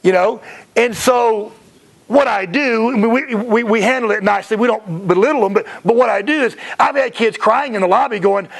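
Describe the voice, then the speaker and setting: Man, high and gravelly, chatty seminar presenter who acts out little scenes. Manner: chatty, acts out kids and parents in quick bits. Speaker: martial arts school owner presenting. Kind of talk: seminar talk to school owners.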